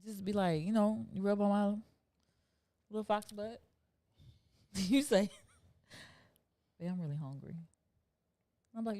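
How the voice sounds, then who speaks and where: A woman's voice: mid-range voice, measured pace, pauses often, warm tone, dry recording. A woman co-hosting a casual chat show, teasing her partner playfully and giving advice. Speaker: podcast co-host.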